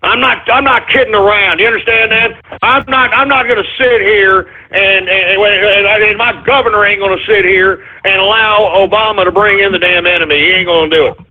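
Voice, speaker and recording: His voice sitting high and his intonation fairly even, a man rants at normal speed with few pauses as a foul-mouthed Texan radio host. The parody is full of cursing, stumbled words and drunk-sounding bravado, and the audio is tinny, like a phone-radio line.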